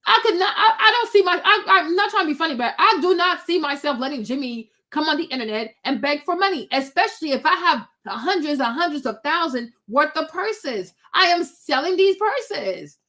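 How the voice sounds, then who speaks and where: A woman host giving blunt, animated reaction commentary in a casual rant. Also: sits high, normal speed, hardly any pauses. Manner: blunt, animated, preachy ranting.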